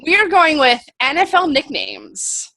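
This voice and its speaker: A young woman co-hosting a casual podcast and quizzing her partner on trivia. She talks with teasing, quick comebacks. Her voice sits a little high and sounds bright and forward. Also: huge pitch swings, creaky. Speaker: podcast co-host, trivia quizmaster. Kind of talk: casual chat.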